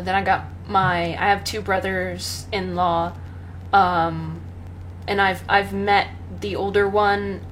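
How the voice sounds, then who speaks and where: A young woman chatting casually about her pets, rambling with many pauses and fillers and often breaking into laughter. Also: on the low side, fairly bright tone, a little hiss or hum. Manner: rambling, full of ums and laughs, talks to her cat. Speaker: pet owner vlogger. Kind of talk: casual chat.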